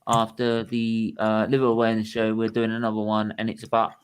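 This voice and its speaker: A man's voice: lowish voice, monotone, brisk, clean tone. A man hosting a casual live stream, trying to wrap it up amid interruptions. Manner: flustered, trying to wrap up, laughs often. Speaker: stream host.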